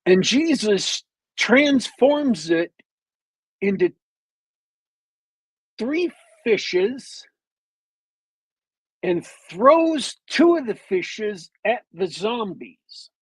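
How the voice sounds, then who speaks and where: A man on a podcast with a bad cold, retelling a movie plot as a meandering, detailed storyteller with long pauses. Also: high-pitched, big pitch swings, breathy edge, no echo, poor audio. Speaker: podcast co-host.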